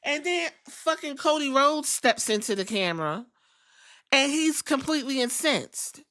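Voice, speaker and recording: A woman's voice: high voice, lively intonation, a little slow, pushed and bright. A woman hosting a podcast, giving a casual wrestling recap in a blunt, profane, sassy way. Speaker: podcast host.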